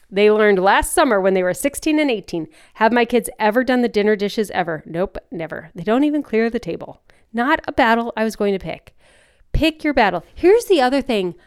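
A woman's voice: a little high, clear, resonant tone. A woman in her forties chatting frankly and animatedly about raising her kids. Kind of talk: casual chat.

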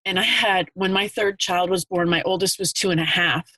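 A woman's voice: lowish voice, bright, forceful tone, no room sound, rough recording. A woman in her fifties from Pennsylvania, tearfully and earnestly sharing her story as a caller on a video call. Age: 50s. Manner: earnest, halting. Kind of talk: emotional personal testimony.

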